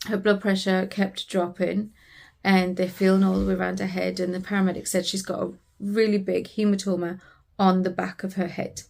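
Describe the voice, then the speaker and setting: A woman's voice: medium pitch, level tone, moderate pace, creaky, a little mellow. A British woman, a family vlogger, earnestly retelling a frightening family emergency in a personal storytelling vlog.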